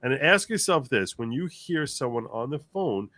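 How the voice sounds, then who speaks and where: A man's voice: mid-range voice, normal speed, dry recording. A man hosting a livestream panel in casual chat, reading viewer comments aloud and laughing often. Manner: animated, laughs often, mimics voices. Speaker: livestream host.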